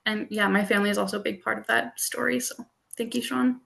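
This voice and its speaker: A young woman speaking as a panel guest in a bright, tense voice with plenty of vocal fry. Her pitch stays flat and level as she rambles hesitantly through her introduction. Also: fast. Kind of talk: sharing personal story on a panel.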